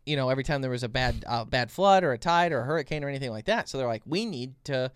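A man co-hosting a podcast, telling a long story in casual chat, rambling and animated with many restarts. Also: medium pitch, quick pace, clear, resonant tone. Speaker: podcast co-host.

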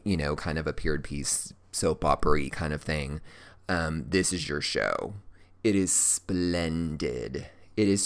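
A man hosting a show, casually and effusively gushing over a series he recommends, with many fillers. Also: low-pitched. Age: adult, working. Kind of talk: casual enthusiastic review.

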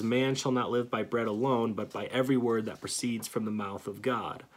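A man giving an earnest theology lecture, stressing key words and pausing to restart phrases. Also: mid-range voice. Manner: earnest, emphatic, reads scripture aloud with pauses and restarts. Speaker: Christian teacher.

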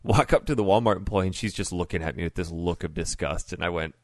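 Laughing low-voiced male podcaster. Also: lively intonation, fast talker, hardly any pauses, dry recording, clean studio sound. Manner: laid-back, laughs often. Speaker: podcast host. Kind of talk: casual chat and storytelling.

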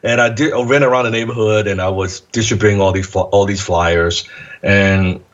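A man, a guest in an interview, tells a story from his past in a casual, animated way, acting out the voices he quotes and swearing now and then. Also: lowish voice, a little fast, lo-fi sound. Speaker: guest entrepreneur.

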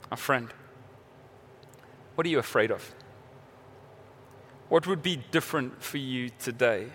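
A man preaching a sermon as pastor, moving from urgent, rising questions to quiet, tender passages. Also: medium pitch, a little hiss or hum.

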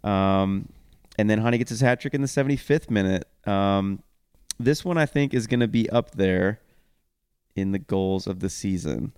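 Smooth-voiced man chatting on a podcast. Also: on the low side, normal speed, darkish tone, no echo, studio quality. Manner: rambling, self-correcting, upbeat. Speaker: podcast host. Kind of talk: casual sports podcast chat.

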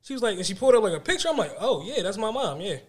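A man co-hosting a podcast, telling stories in casual chat, animated and full of slang and swearing. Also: sits high, rapid-fire. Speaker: podcast co-host.

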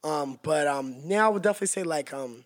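A man's voice: a little high, expressive, quick pace, dry recording, clean studio sound. A man chatting casually as a guest on a podcast, loose and profane, often slipping into playful bits.

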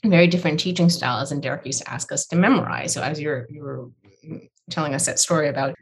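A woman's voice: low voice, fast. A woman poet in conversation, telling reflective, digressive stories about learning her craft and often restarting her phrases. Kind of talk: conversational storytelling.

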